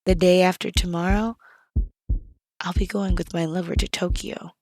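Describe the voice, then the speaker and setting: Woman putting on a soft-spoken gentle young man. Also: on the low side, flat delivery, moderate pace, no room sound, clean studio sound, soft background music, close to an everyday voice. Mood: secretive. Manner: hushed and hesitant.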